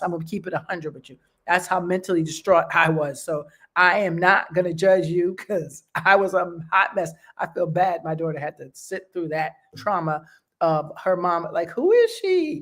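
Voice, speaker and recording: Encouraging woman talking straight to listeners. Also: lowish voice. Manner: direct, encouraging, conversational with many fillers. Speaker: host. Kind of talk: casual motivational talk.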